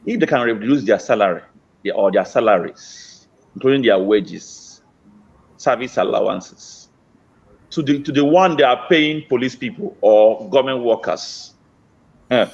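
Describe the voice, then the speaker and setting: A man calling in as a guest, making his case slowly and hesitantly with many fillers. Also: mid-range voice. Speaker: guest on call. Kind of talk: measured argument. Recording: dull lo-fi remote line.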